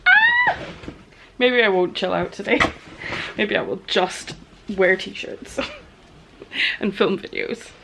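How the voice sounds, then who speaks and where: A woman in her thirties chatting through a casual vlog as a small business owner, gushing and excitable with chatty asides. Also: mid-range voice, slow, gravelly, long pauses, noisy background. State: out of breath in places. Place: home studio office.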